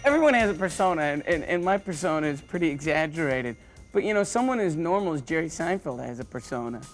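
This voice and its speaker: A man who is a stand-up comedian, rambling through deadpan jokes with lots of stammers and restarts. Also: a little high, fast talker, soft background music. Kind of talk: joking interview monologue.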